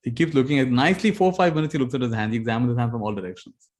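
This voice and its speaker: A man giving a dharma talk as meditation teacher, telling stories gently and repeating key phrases. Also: mid-range voice, rapid-fire, a little hiss or hum.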